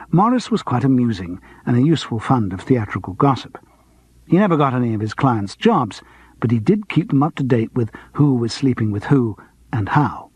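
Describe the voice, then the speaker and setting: A man reading a cozy mystery audiobook as narrator, in a lively, expressive manner. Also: mid-range voice, husky, no room sound. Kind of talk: scripted narration.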